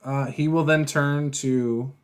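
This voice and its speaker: A man running a tabletop game as game master, brisk and quick with rulings, laughing often. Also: mid-range voice, steady tone.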